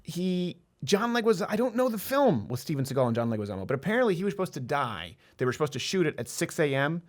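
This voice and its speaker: A man in his thirties hosting a talk show, chatting casually with quick, animated bursts of emphasis. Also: fairly high pitch. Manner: fast, animated delivery with sudden loud bursts. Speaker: host.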